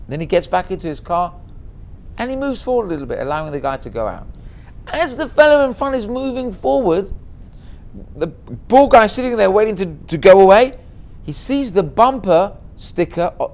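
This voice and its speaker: A middle-aged man giving a Torah lesson as a rabbi, telling a story in a lively way and mixing in Hebrew and Yiddish words. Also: high-pitched, normal speed, creaky.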